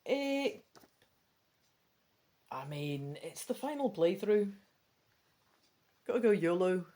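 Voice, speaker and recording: A woman with a Scottish accent reading a gamebook aloud, breaking off into chatty, quick asides. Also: on the low side, sing-song, dark tone. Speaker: gamebook reader. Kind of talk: casual read-through with chatty asides.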